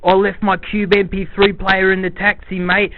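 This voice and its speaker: A man's voice: high voice, completely flat delivery, moderate pace, noisy background, pitched below the performer's own voice, close to an everyday voice. A man voicing a frantic, hapless young bloke who rambles and says mate constantly. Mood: rambling. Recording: dull lo-fi dry gadget voice memo.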